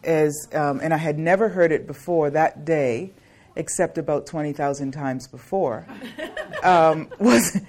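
A woman's voice: sits low, measured pace, a little mellow. Chatty laughing woman speaking to an audience. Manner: chatty, joking, laughs often; rambling, with many restarts and fillers. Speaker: class facilitator. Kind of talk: casual talk to a live audience.

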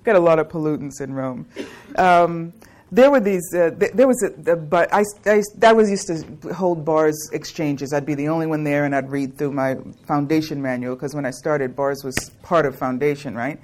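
Middle-aged woman, low-ish voice, chatty and rambling, laughs through a casual talk to an audience. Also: normal speed, darkish tone. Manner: chatty, joking, laughs often; rambling, with many restarts and fillers. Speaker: class facilitator.

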